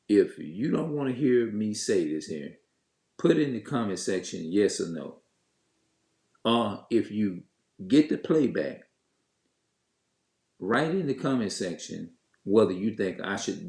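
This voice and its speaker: A man's voice: fairly low pitch, animated, moderate pace, vocal fry, a little mellow. A man telling viewers a story in a heated, cursing rant, stopping and restarting often. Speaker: vlogger. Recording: echoey room.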